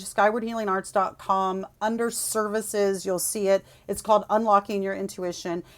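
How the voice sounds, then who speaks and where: A woman, a spiritual teacher delivering a channeled message in a soft, unhurried way, with chatty asides. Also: mid-range voice. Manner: soft, slow and calming in the meditative passages; laughs often, chatty asides.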